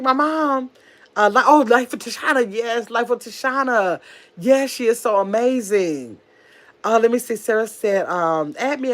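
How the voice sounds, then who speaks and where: A woman chatting casually on her livestream, telling stories and reading viewer comments aloud. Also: fairly high pitch. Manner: chatty, animated storyteller, reads comments aloud. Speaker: livestream host.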